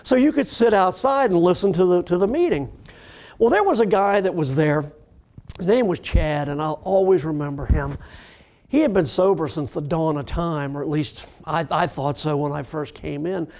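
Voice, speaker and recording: A middle-aged man, a recovery doctor, telling a personal story in a lively, self-mocking way and acting out the dialogue. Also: fairly high pitch, normal speed. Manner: animated storyteller who acts out dialogue. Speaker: addiction recovery doctor giving a talk.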